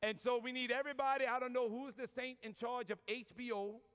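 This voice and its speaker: A man's voice: very high-pitched, steady tone, fairly quick, fairly bright tone, clear, resonant tone. A man with a New Orleans accent, a priest giving a folksy, joking talk to a large audience. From New Orleans, USA. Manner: folksy, joking, lots of y'all. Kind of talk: preaching talk with humor. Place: large convention hall. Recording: long reverb from a large hall.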